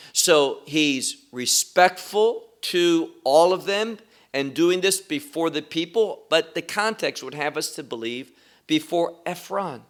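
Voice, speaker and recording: Slow, measured male Bible teacher. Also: a little high, fairly bright tone. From Israel. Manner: measured, repeats and rephrases words, stops to explain terms.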